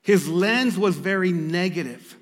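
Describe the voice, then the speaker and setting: A man preaching a sermon to a church congregation. He stumbles over repeated words and rises to loud, emphatic reading. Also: high-pitched, a little slow, big-room sound. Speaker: pastor. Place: church service.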